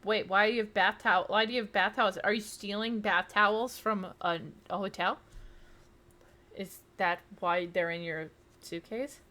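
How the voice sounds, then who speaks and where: A woman streamer chatting casually with her viewers, excitable and talkative, loudly greeting people in chat. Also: mid-range voice, moderate pace. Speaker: streamer host.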